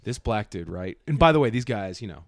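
A man's voice: lowish voice, a little fast, dry recording. Dude on a comedy podcast acting out everybody in his story, dry close sound. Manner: animated storyteller, acts out voices. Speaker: podcast co-host. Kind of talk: casual comedic chat.

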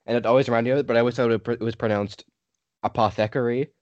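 A man's voice: mid-range voice, steady tone, racing, a little mellow, no room sound. A young man co-hosting a podcast, giving dry, offhand opinions in casual chat. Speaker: podcast co-host. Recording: dry, dull lo-fi sound.

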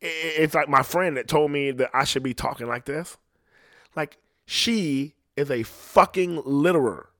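A man's voice: on the high side, a little slow, a bit bright, no echo. Guy ranting and swearing nonstop, rambly podcast talk, dry close mic. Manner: ranting, profane, rambling with frequent "you know what I mean". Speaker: podcast host. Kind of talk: profane casual monologue.

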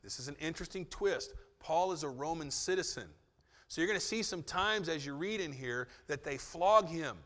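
Male pastor, slightly high, bright tone, chatty sermon with jokes, long hall reverb. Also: animated, moderate pace. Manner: conversational, joking asides, acts out quotes.

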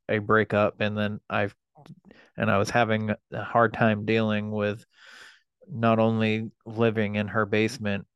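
A man in his thirties, a podcast guest telling a personal story in a halting, profane way, with many fillers and restarts. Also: lowish voice, a bit bright, clear, resonant tone, no room sound.

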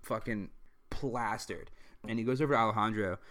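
A man's voice: on the low side, a little fast, a bit bright, a little hiss or hum. Rambling young man telling a story. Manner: rambling, lots of "like" fillers, swearing, laughs a lot. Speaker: podcast host. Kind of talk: casual storytelling chat.

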